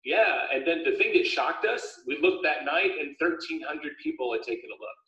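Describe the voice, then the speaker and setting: A man, an author speaking as a guest, chatting casually on a video call with a steady, upbeat, explanatory manner. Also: on the high side, moderate pace. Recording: echoey room, dull lo-fi audio.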